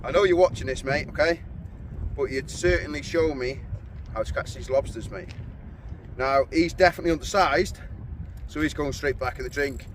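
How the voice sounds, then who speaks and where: A man's voice: medium pitch, moderate pace, recorded from a distance, background noise. A man vlogging while fishing outdoors at night, joking, laughing often and talking to the camera. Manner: jokey, laughing often, excitable. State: cold. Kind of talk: casual outdoor chat to camera.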